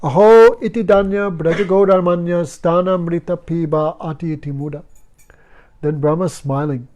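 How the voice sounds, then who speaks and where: A fairly high-voiced man teaching a spiritual class to students. He talks in short, simple phrases of broken English and breaks into chanted verses. His tone stays patient and explanatory. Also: steady tone, moderate pace, a little mellow. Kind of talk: devotional class talk.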